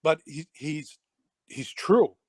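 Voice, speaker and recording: A man's voice: on the high side, animated, slow, dry recording. A middle-aged man, a martial arts instructor, telling stories in a casual interview, acting out quoted voices and laughing easily.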